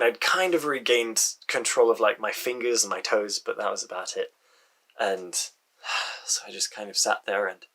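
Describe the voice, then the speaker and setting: A man with a low, husky voice that still has a bright, forceful edge. He tells his story casually and haltingly, pausing to sigh and restarting his sentences. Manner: halting, with frequent sighs and restarts. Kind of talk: casual first-person storytelling.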